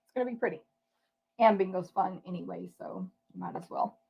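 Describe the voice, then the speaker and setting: A woman's voice: fairly low pitch, a little fast, gravelly, mellow, husky. A woman giving a casual live tour of papercraft products, chatty, thinking aloud and correcting herself as she goes. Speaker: papercraft demonstrator.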